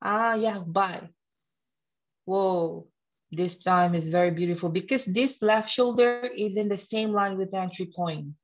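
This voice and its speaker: A woman's voice: mid-range voice, unhurried, lo-fi sound. A woman teaching a live trading webinar in a playful, teasing way, talking straight to her viewers and laughing often. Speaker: trading instructor.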